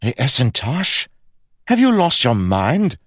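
A man's voice: medium pitch, wildly swooping pitch, slow pace, no echo, clean studio sound, voice pushed up, heavily acted. Man voicing a stern proud young magician. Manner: blunt, exasperated, insistent.

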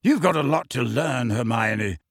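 A man's voice: medium pitch, animated, a little slow, gravelly, slightly rough, dry recording, studio quality, exaggerated voice. A man reading an audiobook, voicing a bold, wry adult male wizard who talks in a teasing, confident way.

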